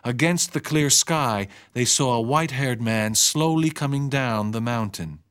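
A man narrating a story chapter in an even, measured storytelling voice. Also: mid-range voice, smooth. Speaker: audiobook narrator. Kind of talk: scripted narration.

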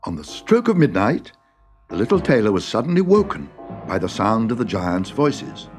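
A man reading a fairy tale aloud in an expressive, dramatic way. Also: lowish voice, moderate pace. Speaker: narrator. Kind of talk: storybook reading. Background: music.

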